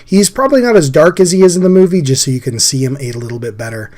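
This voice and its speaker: Scratchy-voiced man, hoarse from illness. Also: a little high, quick pace, darkish tone. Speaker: host. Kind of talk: casual chat while drawing.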